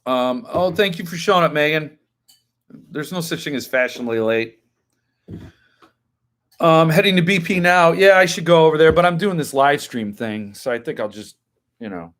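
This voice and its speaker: Chatty man in his fifties, slightly high voice. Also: animated, moderate pace, long pauses, fairly bright tone. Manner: rambling and chatty, flares up into indignant rants. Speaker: live stream host. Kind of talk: casual live-stream chat reading viewer comments.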